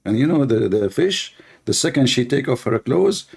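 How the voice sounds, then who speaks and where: A man's voice: medium pitch, sing-song, gravelly, darkish tone, slightly rough. A man hosting a livestream, telling a mocking story in a casual, joking way and slipping in Arabic phrases. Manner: fast, mocking, laughing, switches into Arabic phrases. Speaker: livestream host.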